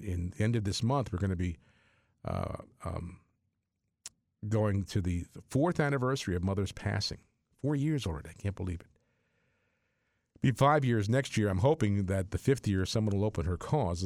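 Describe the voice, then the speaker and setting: A man hosting a Catholic radio show, making an earnest, excitable on-air fundraising appeal with frequent restarts. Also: lowish voice, vocal fry, no room sound, clean studio sound.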